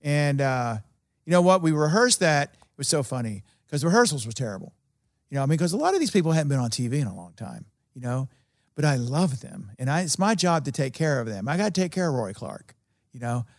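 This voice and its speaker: A man's voice: on the high side, a little fast, dry recording, studio quality. A man, a television producer, telling rambling anecdotes as a guest in a casual interview. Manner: animated, rambling anecdotes with quoted voices.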